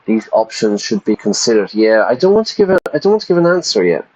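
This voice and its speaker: A man's voice: fairly low pitch, very animated, fast talker, a little mellow, low-quality recording. A man streaming a game who reads its text aloud and stops to explain vocabulary, chatty, and now and then stumbling over repeated words. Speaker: English teacher streaming a game.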